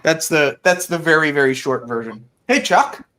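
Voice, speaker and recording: A man's voice: on the high side, normal speed. A middle-aged man hosting a casual livestream, chatting easily as he builds model scenery. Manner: relaxed, talks while building scenery. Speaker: host of a model railroad livestream. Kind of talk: casual chat while working.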